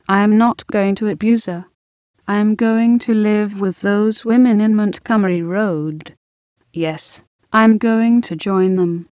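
A woman voicing a defiant, bitter young wife, reading slowly and evenly in a dull, dry recording. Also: mid-range voice, darkish tone, no echo, lightly acted.

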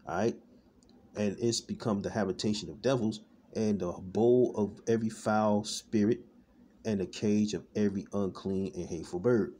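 Steady and dark in tone, this man's fairly low voice keeps a moderate pace over slight background noise. He preaches an informal online sermon street-style, looping loosely and repetitively through "man" and "all right," and often stops and restarts as he searches for words.

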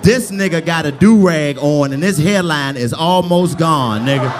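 A male stand-up comedian roasting the audience with loud, brash crowd work, often yelling and cursing. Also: a little high, normal speed, few pauses. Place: live comedy club ballroom. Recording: live club with crowd noise.

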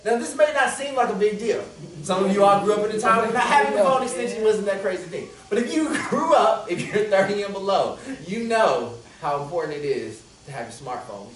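A man's voice: sits high, a little fast. Man preaching in an echoey church. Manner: animated storytelling, swinging from loud outbursts to hushed prayer; humorous, laughs through his lines. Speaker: pastor. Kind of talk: sermon. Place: church sanctuary. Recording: echoey church hall from far off. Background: congregation calling out responses.

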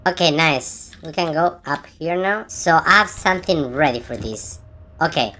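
Expressive and pushed, her bright voice sits low and moves at a moderate pace over slight background noise. The same woman reacts with frightened gasps and jumpy outbursts while commentating a horror game at home for her gaming channel.

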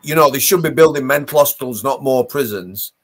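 A man's voice: medium pitch, brisk. A man hosting an interview, a former prison officer talking in a blunt, emphatic way. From England. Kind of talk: casual interview chat.

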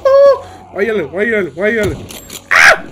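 Excitable young man yelling through gameplay. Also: high voice, brisk, very noisy. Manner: excitable, swears and yells at the game. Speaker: gamer. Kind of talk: gameplay commentary. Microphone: headset. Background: game music.

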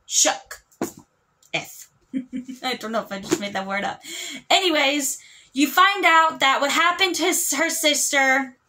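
A woman's voice: high voice, pushed and bright. A young woman chatting casually as a book vlogger, rambling with lots of fillers and restarts. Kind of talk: casual chat.

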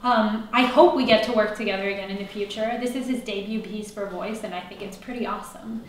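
A woman's voice: mid-range voice, fairly even intonation, brisk, roomy sound, a little hiss or hum. A woman singer talking about her work, thoughtful and searching for words, with many fillers. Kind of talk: casual interview and rehearsal talk.

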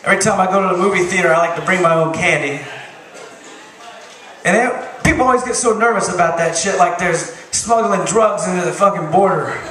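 Male stand-up, high-pitched, deadpan and crude; distant, echoey bar recording. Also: brisk. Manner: deadpan one-liners, profane. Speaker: stand-up comedian. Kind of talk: stand-up comedy set. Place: bar stage with crowd. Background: audience laughter.

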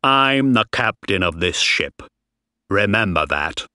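Casting: man playing a harsh, bossy captain, deep, slow, clipped commands, dry sound. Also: animated, bright, forceful tone, no room sound, full character voice. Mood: stern. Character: stern, bossy young male ship captain.

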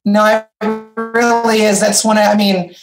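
A middle-aged woman chats as an interview guest, telling stories in a rambling, effusive way. Her voice sits at a middling pitch for a woman. The recording has a roomy echo around it. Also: unhurried, soft background music. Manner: animated storyteller, rambling and effusive. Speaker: guest musician. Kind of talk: casual interview chat. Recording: roomy echoey room sound.

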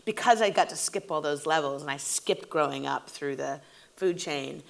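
A woman in her forties talks as a guest in an onstage interview, with a low voice. She tells stories in a lively way and acts out what people said in her writers' room. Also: moderate pace, vocal fry. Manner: animated storytelling, acting out quotes. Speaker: TV showrunner and guest.

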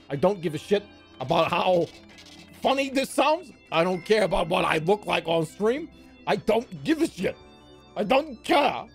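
A man streaming live, talking in an animated, jokey way and slipping in and out of silly voices. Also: high-pitched.

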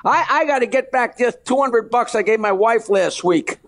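Comic doing a crude working guy, dragged-out exasperation, high and lively. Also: moderate pace, exaggerated voice. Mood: exasperated. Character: crude working man griping to a buddy.

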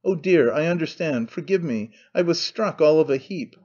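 A man's voice: a little high, lively intonation, normal speed, darkish tone, highs cut off. A man voicing a panicky, nervous man who stammers out fussy protests. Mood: flustered.

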